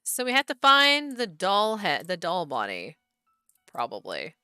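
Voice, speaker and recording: A woman's voice: fairly low pitch, wildly swooping pitch, measured pace, sharp tone, clear, resonant tone, no echo, studio quality, soft background music. A woman streamer playing a horror game, chatting, reading the on-screen text aloud, and talking back to the characters.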